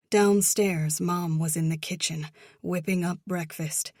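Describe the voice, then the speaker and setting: A woman narrating a thriller audiobook in a slow, measured, somber manner, close to the mic. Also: lowish voice, steady tone, darkish tone, no room sound. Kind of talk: scripted narration.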